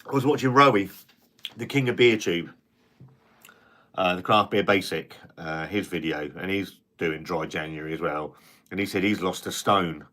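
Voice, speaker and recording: Low-voiced man rambling on a live stream. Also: moderate pace, bright, forceful tone. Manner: rambling, frequent restarts and casual swearing. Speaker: live-stream host reading viewer comments. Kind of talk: casual live-stream chat.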